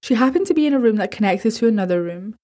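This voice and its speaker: A woman's voice: fairly high pitch, expressive, fast, dark tone. A woman hosting a podcast, casually reading listener horror stories aloud, stumbling and correcting herself and swearing offhand. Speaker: podcast host.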